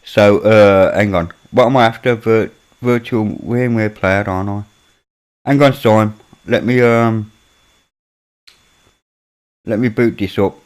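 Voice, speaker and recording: A man's voice: on the low side, takes it slowly, long pauses, clear, resonant tone. A man from Birmingham with a Birmingham accent, a live-stream host chatting casually with viewers and muttering to himself as he works on his computer. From Birmingham, England. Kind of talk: casual chat with chat readers.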